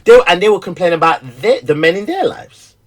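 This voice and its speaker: Animated man telling stories with a laugh. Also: high voice, quick pace. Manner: animated storyteller, acts out quotes, laughs often. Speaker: stay-at-home dad and preacher. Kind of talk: candid conversation.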